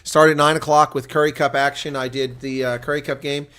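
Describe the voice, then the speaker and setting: A man's voice: fairly high pitch, flat delivery, a little fast, fairly bright tone, clear, resonant tone. A tired man hosting live play-by-play reaction commentary on a rugby match, chatting to his viewers between calls.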